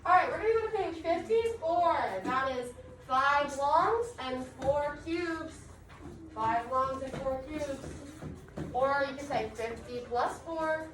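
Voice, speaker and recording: A woman's voice: high voice, slow, far from the mic, a crowd in the background. A young woman teaching a class, upbeat and encouraging as she explains step by step. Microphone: far camera. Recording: echoey classroom recorded from afar, background noise.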